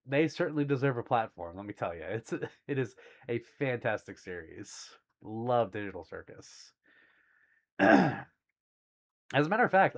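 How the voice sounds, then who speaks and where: Giggly man chatting on a livestream. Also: mid-range voice. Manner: giggly, bashful, laughs often between remarks. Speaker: livestream host. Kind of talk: casual livestream chat reading viewer messages.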